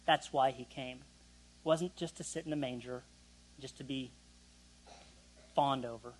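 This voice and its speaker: A man's voice: medium pitch, steady tone, a little slow, poor audio. A young man preaching a sermon in a conversational way, with self-deprecating asides to the congregation. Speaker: pastor.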